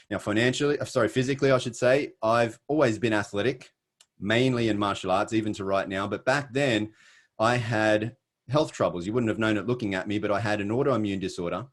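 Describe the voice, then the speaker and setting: A middle-aged Australian man with an Australian accent, giving an earnest motivational webinar talk with many fillers and restarts. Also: lowish voice. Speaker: webinar presenter. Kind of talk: motivational presentation.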